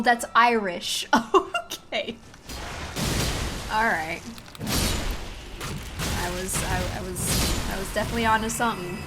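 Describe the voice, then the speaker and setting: A young woman with a slightly high voice chats with her viewers during a gaming stream, giggling and poking fun at herself. She speaks at an unhurried, drawn-out pace over a desk mic. Game music plays clearly behind her. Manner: giggly and self-deprecating, chatting to chat. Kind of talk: casual chat with viewers while gaming. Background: video game music.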